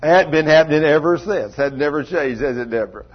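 A man's voice: on the high side, fairly quick. A man preaching a folksy sermon, chuckling often and calling on congregation members by name. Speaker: pastor. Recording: dull lo-fi church recording.

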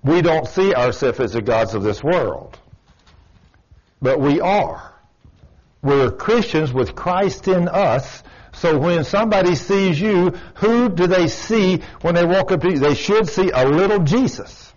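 A man preaching in a church, his voice sitting a little high for a man. He is folksy and emphatic, and he tells stories to his congregation. The recording of the service is dull and lo-fi. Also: lively intonation, measured pace, darkish tone. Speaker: pastor. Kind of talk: sermon.

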